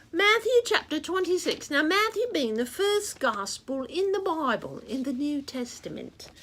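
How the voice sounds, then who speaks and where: A chatty rooster from a children's puppet show , voiced by a woman, reads Bible stories aloud in a high, sing-song voice that swoops all over. She takes her time, lingering on the words as she talks straight to the kids. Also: a little hiss or hum, heavily acted.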